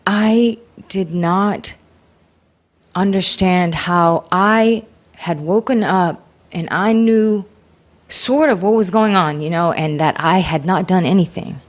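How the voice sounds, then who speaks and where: A woman's voice: lowish voice, slow. A woman giving an interview, candidly recounting a painful personal experience with emotion. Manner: emotional, animated retelling. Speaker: interview guest.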